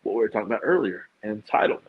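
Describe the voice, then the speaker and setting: A man co-hosting a podcast in casual chat, exclamatory and animated, often restarting his sentences. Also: lowish voice, very fast. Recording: dull, muffled lo-fi sound.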